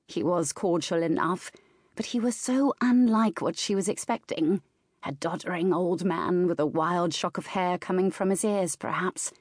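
Woman, audiobook narrator, lowish voice, dry close sound, measured. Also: a little mellow, no echo. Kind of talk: scripted narration.

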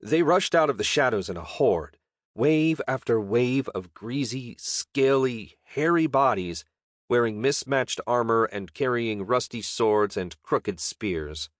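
A man narrating a fantasy audiobook with a wry, deadpan manner. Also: mid-range voice, slow pace, dry recording, clean studio sound.

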